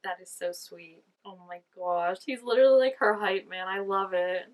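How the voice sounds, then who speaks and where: With a medium-pitched voice at normal speed, a woman reacts informally to a TV episode. She's chatty and gushing, filling her sentences with lots of "like."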